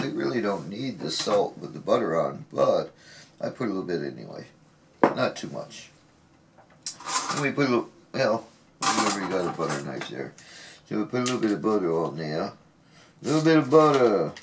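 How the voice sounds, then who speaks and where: Male cooking-vlog host, lower register, very lively intonation, playful and teasing, home kitchen. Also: a little fast, noisy background. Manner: playful, teasing asides to the viewer. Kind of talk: casual cooking vlog, chatting to viewers.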